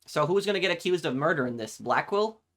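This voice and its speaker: A man's voice: a little high, animated, fast talker, fairly bright tone, a little hiss or hum. A man hosting a video game playthrough, chatting casually to viewers with lots of fillers. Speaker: let's play host. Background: game music.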